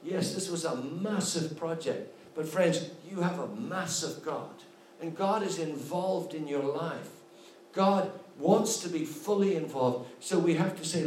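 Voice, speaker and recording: A man's voice: on the high side, unhurried, darkish tone, a little hiss or hum. A man preaching a sermon, emphatic and full of repeated refrains. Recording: echoey room, voice from a distance.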